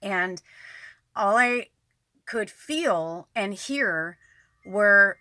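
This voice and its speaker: Bright-voiced woman, rambling candid monologue. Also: mid-range voice, normal speed, dry recording, clean studio sound. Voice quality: frequent swearing, rambling and emphatic. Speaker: psychic medium and channel host. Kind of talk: candid casual monologue to camera. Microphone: camera close to the face.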